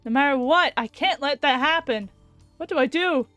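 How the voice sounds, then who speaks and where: A woman reading as an anxious young male scientist narrating his own thoughts in a visual novel. The delivery is a hushed, brooding inner monologue in a high voice on a dry, close mic with faint music behind. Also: normal speed, no room sound. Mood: desperate.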